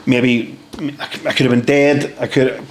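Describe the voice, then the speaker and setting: A young man, a podcast guest telling stories in casual chat, lively and swearing freely as he acts out what people said. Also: mid-range voice, moderate pace, slight background noise. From Northern Ireland. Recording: roomy echo.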